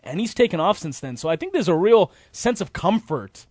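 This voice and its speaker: A man hosting sports radio with a slightly raised pitch. He reads scores briskly and slips into loose, chatty banter. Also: sing-song, darkish tone, dry recording. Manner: brisk scripted reads, then laughing banter. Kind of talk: sports news update and casual studio chat.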